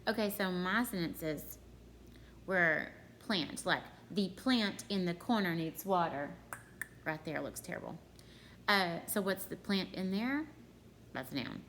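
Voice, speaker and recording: A woman's voice: on the low side, a little slow, a bit bright, slight background noise. A woman in her thirties teaching a grammar lesson to her students at home, in a chatty way that talks straight to them.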